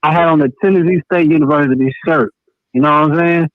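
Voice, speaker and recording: A man's voice: on the high side, fairly even intonation, quick pace, no echo. A man from the American South with a Southern accent, a caller telling his police stories in a casual, profane way. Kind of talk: phone-in storytelling. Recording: dry tinny phone line.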